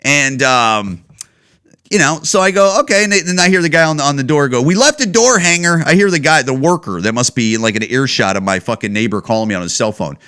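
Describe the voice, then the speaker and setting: A man's voice: medium pitch, quick pace, clean tone. A man hosting a podcast, ranting casually and swearing a lot. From Chicago. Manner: profane, animated ranting. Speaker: podcast host. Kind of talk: casual rant.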